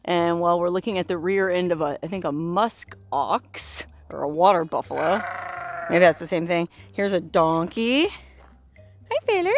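A woman's voice: lowish voice, animated, moderate pace. A woman hosting a casual walking-tour vlog outdoors, chatty and upbeat, cooing at animals along the way. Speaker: travel vlogger and host. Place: outdoors at a desert roadside hotel.

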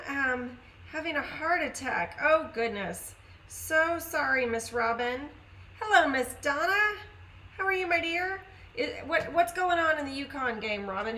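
Bright upbeat woman hosting a live sale. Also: recorded from a distance, a little hiss or hum, poor audio. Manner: chatty, greets viewers by name, upbeat pitch. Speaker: live-stream craft seller. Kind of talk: casual live sales chat. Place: home.

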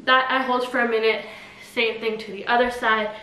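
Woman, vlogger, chatty, slightly out of breath, higher pitch, echoey room, faint background noise. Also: flat delivery, normal speed, bright, forceful tone. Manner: chatty, lots of filler "like". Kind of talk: casual demonstration.

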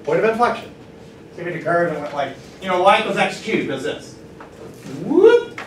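Upbeat and encouraging, a man teaches a math lecture and tosses questions to his students. His voice is a little high and fairly bright, with lively intonation and a fast delivery. He sounds distant in an echoing classroom with faint background noise.

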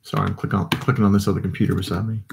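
A man with a drawl hosts a relaxed livestream from his home desk, chatting with viewers and answering their comments. His voice sits a little low, and he rambles in a loose, tired way, yawning as he talks. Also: racing, creaky, noisy background. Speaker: livestream host. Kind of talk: casual live chat reading comments.

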